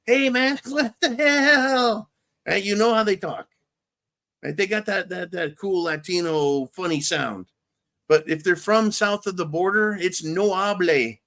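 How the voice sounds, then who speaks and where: Male host, slightly high voice, blunt and profane, rambling political commentary. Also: a little slow, a bit bright. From California, USA. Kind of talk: political commentary, answering viewer questions.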